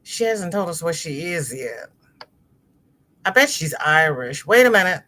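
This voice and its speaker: Slow-talking woman livestream host. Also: on the low side. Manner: chatty and expressive, with sudden exclamations. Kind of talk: casual livestream chat, reading viewer comments aloud.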